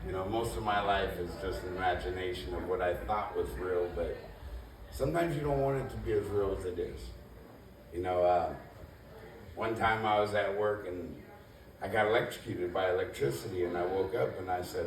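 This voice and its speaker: A man's voice: low-pitched, normal speed. A man doing a laid-back, rambling stand-up set in a comedy club, self-deprecating and full of "you know". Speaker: first-time stand-up comedian. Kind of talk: stand-up routine. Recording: echoey club room, mic at a distance, noisy.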